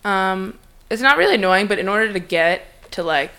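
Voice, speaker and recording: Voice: mid-range voice, expressive, normal speed, sharp tone, smooth. A guest from Long Island, New York, chatting easily and explaining with quoted examples. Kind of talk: casual chat.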